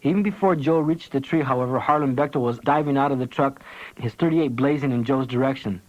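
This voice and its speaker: A man's voice: medium pitch, a little fast, highs cut off. Man narrating an audiobook on old tape. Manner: lively, dramatic storytelling.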